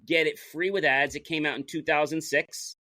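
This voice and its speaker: A man's voice: fairly high pitch, steady tone, normal speed, sharp tone, no echo. A man, the guest in an interview, who talks energetically, retells stories by acting out the dialogue, and often restarts his sentences. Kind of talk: casual interview storytelling.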